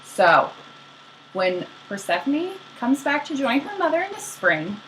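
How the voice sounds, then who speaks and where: A young woman casually retelling myths as a podcast co-host, slangy and animated, acting out the characters. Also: high voice, measured pace, a little hiss or hum, poor audio.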